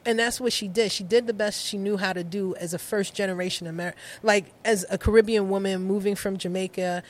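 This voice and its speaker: A woman's voice: mid-range voice, fairly quick. A middle-aged woman from New York, a podcast guest telling personal stories with frequent laughter. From New York, United States. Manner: animated storyteller, laughs often. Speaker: guest, poet and author. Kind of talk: casual conversation.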